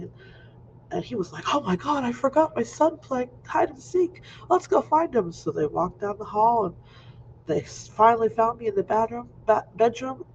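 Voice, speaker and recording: A man in his fifties telling a personal story in an animated way, acting out scenes, in a muffled lo-fi recording. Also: high voice. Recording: muffled lo-fi recording with faint noise.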